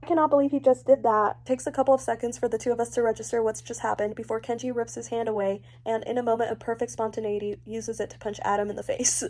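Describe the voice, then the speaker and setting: Chatty young woman with a mellow voice. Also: on the high side, fast, hardly any pauses. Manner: chatty, animated, swings between gushing and ranting. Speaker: book vlogger. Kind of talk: casual reading reaction vlog.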